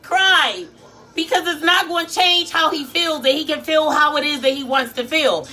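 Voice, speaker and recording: A woman's voice: sits high, fairly quick, faint music behind. A woman with a Philadelphia accent telling a story in casual vlog chat, slangy and swearing freely, acting out what people said. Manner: animated, slangy, swears freely, acts out quotes. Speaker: vlogger and life coach.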